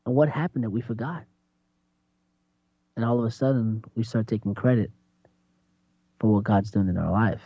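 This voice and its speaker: A man preaching in a conversational sermon, animated and acting out voices with big jumps in pitch. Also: moderate pace, long pauses, no echo. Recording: dull lo-fi sound.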